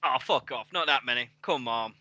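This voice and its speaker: A radio host from England in his forties talks at normal speed in a mid-range voice that is bright and forceful, with no echo. He chats casually on a headset mic, swearing heavily, rambling, and laughing at himself.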